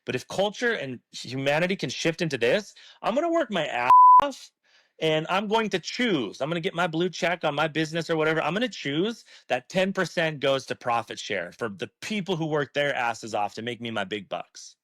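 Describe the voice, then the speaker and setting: A man's voice: on the high side, lively intonation, brisk, few pauses, a bit bright, no echo. A man talking as an interview guest, earnest and emphatic, swearing freely as he makes his case. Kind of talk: passionate casual talk.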